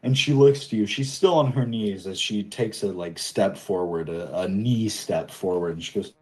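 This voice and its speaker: A man narrating as game master of a tabletop game, lively, with loose fillers. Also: lowish voice, normal speed, hardly any pauses.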